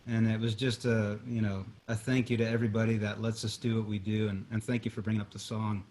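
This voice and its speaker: A man's voice: fairly low pitch, level tone, quick pace, darkish tone. A man, a guest singer-songwriter, chatting casually over a video call, rambling with many restarts and fillers. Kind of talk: casual chat.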